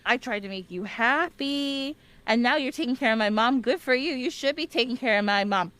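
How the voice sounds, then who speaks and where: A woman's voice: fairly high pitch, normal speed, a bit bright, clear, resonant tone, natural voice. A woman voicing an angry dead husband in a retold legend, using casual modern phrasing in her own everyday voice. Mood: resentful. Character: furious dead husband, male ghost, petty and resentful. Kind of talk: casual storytelling.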